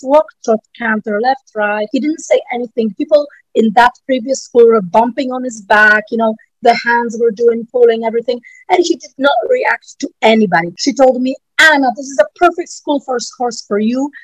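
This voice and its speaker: A woman who runs a riding school, telling stories in a casual interview, animated and full of "you know" fillers. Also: a little high, no echo, rough recording.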